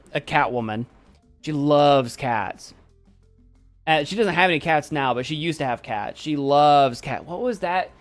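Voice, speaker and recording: A man hosting a live stream, chatting casually in an animated, jokey and rambling way. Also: fairly high pitch. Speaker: streamer host.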